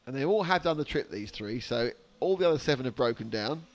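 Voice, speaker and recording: A man's voice: mid-range voice, expressive, fairly quick. A man giving live trackside race commentary with dry, sarcastic humor.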